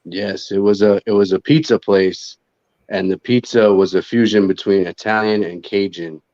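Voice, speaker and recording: A man's voice: fairly low pitch, fairly even intonation, normal speed, darkish tone, dry recording. Easygoing man on a dull call line. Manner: easygoing, laid-back. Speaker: interview guest, booking agent. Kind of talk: casual interview over a call. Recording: dull, dry call audio.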